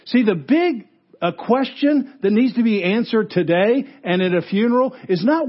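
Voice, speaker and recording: A pastor preaching a funeral sermon, earnest, rising loud for emphasis and dropping low and soft. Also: male voice, animated, a little slow, husky, muffled recording.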